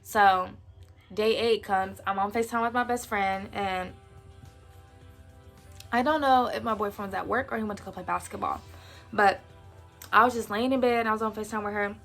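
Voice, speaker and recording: A young woman in her twenties tells a story from her own life in a relaxed, slangy vlog voice. There is a gravelly fry running through her speech, and faint music plays underneath. She acts out the quoted lines as she goes. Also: medium pitch, normal speed, long pauses. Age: 20s. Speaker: vlogger. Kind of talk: casual storytime.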